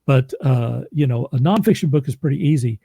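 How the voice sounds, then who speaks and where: A man's voice: mid-range voice, lively intonation, a little fast, vocal fry, warm tone, husky, dry recording. A man from Oklahoma, a podcast host and audiobook narrator, chatting casually and laughing easily. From Oklahoma, USA. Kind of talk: casual interview chat.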